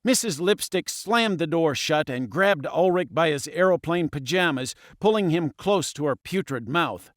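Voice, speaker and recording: Expressive male audiobook narrator. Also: fairly high pitch, normal speed, few pauses, no room sound, studio quality. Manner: expressive, dramatic. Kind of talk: scripted storybook narration.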